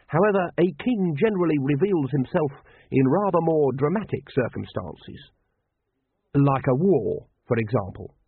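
A slow, smooth and manipulative cult leader, as a man puts him on, coaxing his followers. The voice is husky and the sound is thin and phone-like, with no room echo. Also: on the high side, expressive, voice pushed up, exaggerated voice. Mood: scheming. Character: silky scheming male cult leader. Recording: dry, tinny, phone-like sound.

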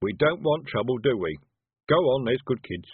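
A man's voice: mid-range voice, animated, normal speed, breathy edge, dry recording, phone-quality sound. A man doing a nervous scruffy young wizard. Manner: hesitant, placating, slightly whiny.

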